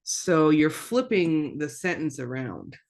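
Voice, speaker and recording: A language teacher leading a slow pronunciation drill, repeating each phrase and clearing their throat often, with casual asides. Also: medium pitch, lively intonation. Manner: casual, self-deprecating asides.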